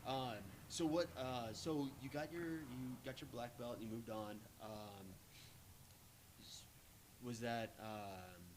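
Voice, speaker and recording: A man hosting a casual interview podcast, encouraging and quick to laugh. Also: medium pitch, steady tone. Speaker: podcast host. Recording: faint background hiss.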